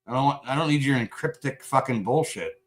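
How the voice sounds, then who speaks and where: A male livestream host rants in his chat, angry, profane, and confrontational, with a sarcastic edge. His medium-pitched voice runs a little fast.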